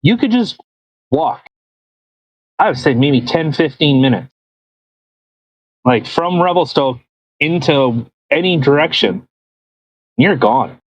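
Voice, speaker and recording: A man's voice: on the high side, lively intonation, takes it slowly, pauses often, no echo, muffled recording. A man co-hosting a podcast, chatting casually and rambling with lots of restarts. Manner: rambling, restarts with many fillers. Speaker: podcast co-host. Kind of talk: casual chat.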